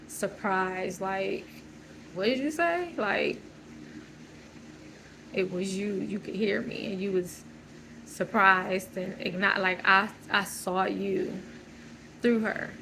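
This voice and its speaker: A woman's voice: medium pitch, flat delivery, takes it slowly, creaky, long pauses, noisy background. A woman talking through a loose, searching personal monologue, full of fillers and restarts. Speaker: channel host.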